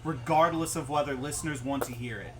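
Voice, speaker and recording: A man narrating as game master in a tabletop game, relaxed and laughing along with his players. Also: mid-range voice, brisk. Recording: noisy stream audio.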